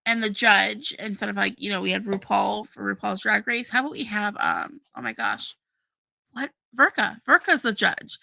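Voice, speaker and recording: A woman co-hosting a casual livestream, joking wryly and filling pauses with "um" and "like". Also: mid-range voice, very animated, creaky, bright, forceful tone. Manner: wry, joking, many "um" and "like". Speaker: co-host of a livestream. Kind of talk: casual chat.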